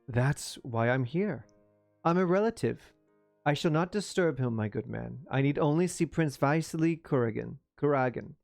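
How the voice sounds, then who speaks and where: A man's voice: fairly high pitch, lively intonation, moderate pace, creaky, a little mellow, no room sound, faint music behind. A man reading the part of a middle-aged noblewoman who coaxes and pleads in her sweetest tone. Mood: coaxing. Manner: sweet, coaxing tone.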